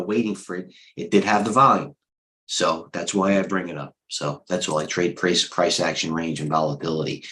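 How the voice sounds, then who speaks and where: A man's voice: fairly low pitch, poor audio. A middle-aged man, a head trader and coach, giving rambling, off-the-cuff live market commentary with blunt opinions and lots of fillers.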